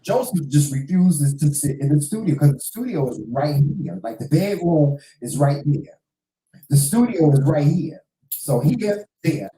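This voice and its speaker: Lively man in a roomy room. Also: a little high, measured pace. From Southern US. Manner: animated, laughing, addresses viewers as y'all. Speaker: co-host. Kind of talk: casual storytelling to viewers. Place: small home studio next to a bedroom.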